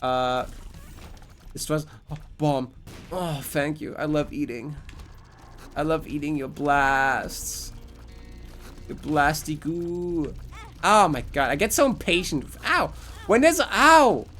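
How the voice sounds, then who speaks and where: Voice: medium pitch, slow, long pauses, fairly bright tone, slight background noise. A Twitch streamer giving casual live gameplay commentary, rambling and joking with plenty of swearing.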